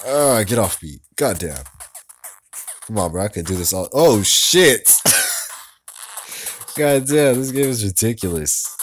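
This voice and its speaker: A man playing a wrestling video game, cursing and shouting at the characters on screen in excitable commentary. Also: lowish voice, takes it slowly, pauses often, soft background music. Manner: loud and excitable, trash-talking the screen. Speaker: let's play gamer. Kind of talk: profane gameplay commentary.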